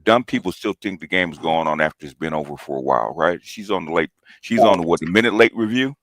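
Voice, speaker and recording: A man's voice: deep voice, fast, a bit bright, no echo. A man in casual chat who restarts and repeats himself as he builds an emphatic point.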